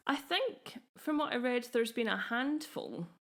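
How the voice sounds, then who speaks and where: A woman's voice: fairly high pitch, sing-song, unhurried, a bit bright. A young woman co-hosting a podcast, talking in an easy, enthusiastic way and laughing often. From Scotland. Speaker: podcast co-host. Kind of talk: casual podcast chat.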